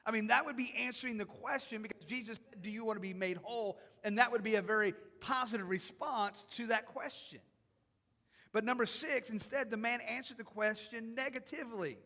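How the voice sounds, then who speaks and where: A man preaching a sermon in a church, acting out imagined voices and rising into loud, emphatic passages. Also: sits high, moderate pace. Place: church sanctuary. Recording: long hall reverb.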